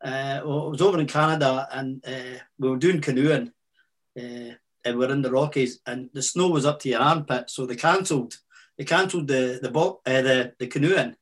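A man in his sixties with a Fife Scottish accent, telling army boxing stories as a guest in a casual interview, with halting restarts and broad Scots words. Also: medium pitch. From Scotland.

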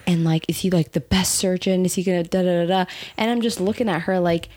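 A young woman casually telling a personal story with her husband, animated, laughing often and full of fillers. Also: on the low side, fast talker, few pauses. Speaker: co-host.

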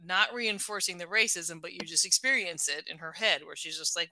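A middle-aged woman talking casually about a book, animated, laughing often and full of "like" fillers. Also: on the low side, moderate pace.

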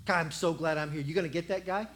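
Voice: medium pitch, steady tone, fast talker, fairly bright tone, pitched below the performer's own voice, lightly acted. A preacher voicing an eager, breezy young shepherd boy in a sermon retelling. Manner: breezy, chipper, unbothered.

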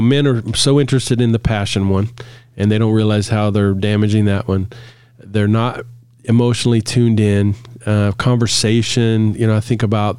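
Low-voiced man telling stories. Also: no room sound. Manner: relaxed storytelling, laughs often. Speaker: couples therapist and podcast co-host. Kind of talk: casual podcast conversation.

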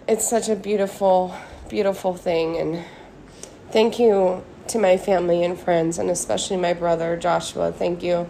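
A woman's voice: medium pitch, a little mellow. A woman hosting a solo podcast, talking earnestly and casually with lots of "like", recorded on a phone in a hotel room. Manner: casual, earnest, heavy use of "like". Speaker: podcast host. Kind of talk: reflective solo podcast monologue. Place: hotel room at a beach resort.

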